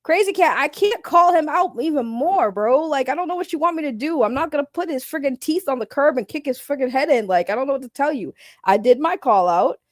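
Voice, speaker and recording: A woman livestream host chatting casually in a fairly high voice, rambling, blunt and joking, with plenty of swearing. The recording is dry and close, with no room sound. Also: animated, brisk, hardly any pauses, no room sound.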